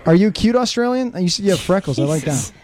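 A man's voice: high voice, very animated, fast talker, a little mellow. A young man hosting a live radio show, chatting loosely and joking with many fillers. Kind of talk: casual live radio chat.

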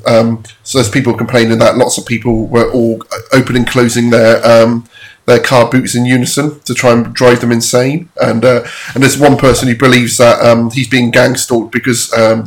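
Brief: male podcast co-host, mid-pitched, amused, rambling delivery. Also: little pitch movement, normal speed. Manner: rambling, amused, many ums and restarts. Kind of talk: casual chat.

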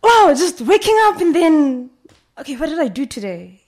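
Young south african woman, giggly and animated, voice jumps all over, just chatting on a podcast. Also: high-pitched, normal speed. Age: young adult. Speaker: guest. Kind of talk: casual podcast chat.

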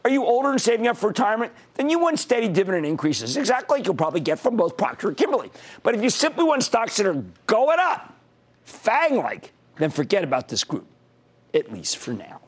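A man's voice: high-pitched, huge pitch swings, brisk. A man hosting a stock market TV show, losing his voice, giving emphatic, punchy commentary straight to viewers. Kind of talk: energetic financial TV commentary.

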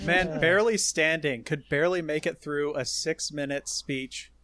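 A man's voice: on the high side, moderate pace, fairly bright tone, a little hiss or hum. A man hosting a casual comedy chat, delivering wry, sarcastic commentary. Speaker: podcast host.

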